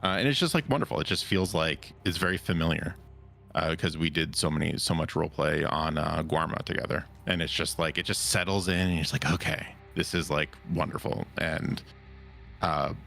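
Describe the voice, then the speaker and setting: Man, casual chat, very low with fry, earnest and halting. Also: pushed and bright, faint music behind. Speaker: roleplay streamer.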